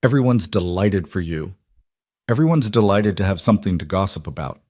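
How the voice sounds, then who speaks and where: A man reading a frontier romance story aloud as narrator, measured and steady, lifting his voice for the women's lines. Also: no room sound, clean studio sound. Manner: measured storytelling, lifts pitch for women's dialogue. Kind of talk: scripted narration.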